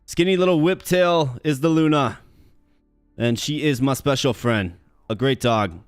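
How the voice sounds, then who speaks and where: A man's voice: medium pitch, measured pace, clear, resonant tone, dry recording, clean studio sound, soft background music. A man from Minnesota, hosting a gaming channel, giving chatty, upbeat, slang-filled commentary while he plays. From Minnesota, USA. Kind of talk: casual gameplay commentary.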